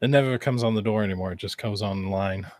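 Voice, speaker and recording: A man interviewing a guest, tossing in quick jokes and asides. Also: lowish voice, darkish tone, no echo. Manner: joking, laughs often, quick asides. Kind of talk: casual interview chat.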